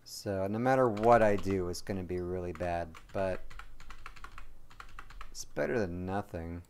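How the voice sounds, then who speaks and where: A man streaming a game live, chatting and rambling to his viewers, joking and quick to apologize. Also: sits low, a little mellow, slight background noise. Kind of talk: live gameplay commentary to chat.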